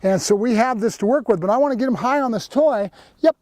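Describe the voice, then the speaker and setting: A man's voice: very high voice, fast, a little mellow, dry recording. A man working as a dog trainer, giving a hands-on training demonstration in a plain-spoken, instructional way, wearing a lapel mic.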